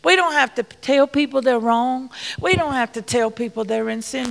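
A woman's voice: sits high, moderate pace, creaky, hardly any pauses, long reverb tail. A woman preaching in a folksy, storytelling way, dropping at times to near-whispers. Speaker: church missions speaker. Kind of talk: storytelling sermon.

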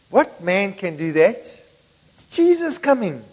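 A man's voice: high-pitched, big pitch swings, measured pace, darkish tone, slightly rough. A middle-aged man preaching a sermon in a church, telling personal stories in a conversational way. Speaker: pastor. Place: church hall. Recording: reverberant church hall.

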